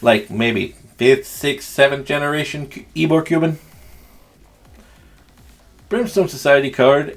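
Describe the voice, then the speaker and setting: A man's voice: a little high, very animated, a little slow, pauses often, faint music behind. Rambling Southern-accented man unboxing games. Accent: Southern US country. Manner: crude joking, rambling and chatty. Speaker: gaming channel host. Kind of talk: casual unboxing commentary.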